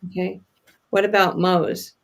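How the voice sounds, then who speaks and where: Gravelly-voiced woman chiming in. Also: on the low side, flat delivery, background noise. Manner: quick agreeing interjections. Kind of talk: casual chat.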